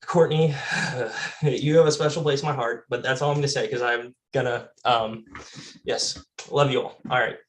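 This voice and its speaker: A man, an eliminated player, giving a halting, emotional farewell speech with frequent restarts. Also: mid-range voice, steady tone, a little hiss or hum.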